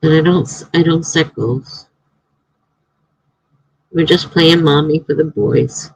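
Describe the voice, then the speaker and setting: A woman's voice: low-pitched, slow, gravelly, slightly rough, no room sound, low-quality recording. A woman, a writer, hosting a casual live stream from home, chatting in a rambling way and laughing often.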